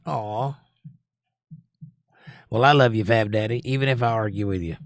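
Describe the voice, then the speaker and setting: A man's voice: lowish voice, moderate pace, pauses often, no echo, studio quality. A man from Georgia with a lightly Southern accent, hosting a livestream, reading chat messages aloud and musing on them at length. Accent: Georgia (US Southern), mostly suppressed. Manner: reads chat aloud in a lifted voice, then muses analytically. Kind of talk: casual chat.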